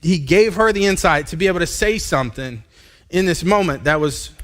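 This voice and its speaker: High-voiced man preaching a personal testimony. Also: lively intonation, a bit bright. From United States. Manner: halting, candid, many restarts and fillers. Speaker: pastor. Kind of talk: live sermon, personal testimony. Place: church sanctuary.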